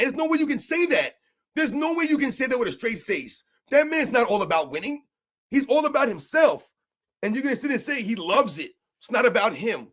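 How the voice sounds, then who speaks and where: A man with a strikingly high voice rants on a live sports stream. He sounds heated and mocking, and he keeps hammering home rhetorical questions. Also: a bit bright.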